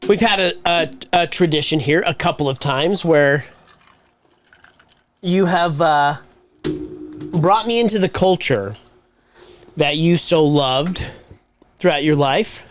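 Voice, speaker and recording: A man's voice: on the high side, takes it slowly, long pauses. A man co-hosting a casual podcast, talking bluntly and swearing freely. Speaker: podcast co-host. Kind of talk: casual chat.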